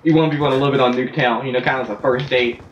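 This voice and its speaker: A man's voice: mid-range voice, fairly even intonation, very fast, dull audio. A young man bantering over a game, joking, giggling and hyping up his own silly stories. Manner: joking, giggly, hyped storytelling. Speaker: gamer recording gameplay commentary. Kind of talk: casual gaming banter. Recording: roomy distant mic with loud game noise.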